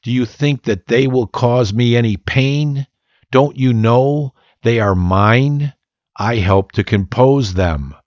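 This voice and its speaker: A man's voice: medium pitch, takes it slowly, a little mellow, no room sound, close to an everyday voice. A man voicing a mocking, scornful male devil in a storybook reading, on a slightly muffled, dry recording. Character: mocking sneering male devil possessing a girl.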